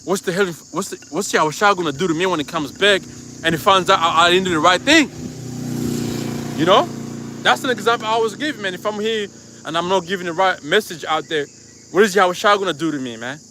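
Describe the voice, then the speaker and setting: A man with a high, bright, ringing voice preaches over a live stream. He talks loosely and profanely, full of asides to the listener, and faint crickets chirp outdoors behind him. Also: brisk, slight background noise. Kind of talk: live-stream sermon with personal storytelling.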